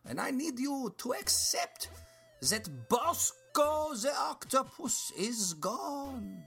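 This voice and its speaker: A performer voicing a scheming woman pickle boss with a German accent who speaks in slow, grand pronouncements. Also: high voice, very animated, creaky, fairly bright tone, soft background music, voice pushed up, full character voice. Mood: indignant.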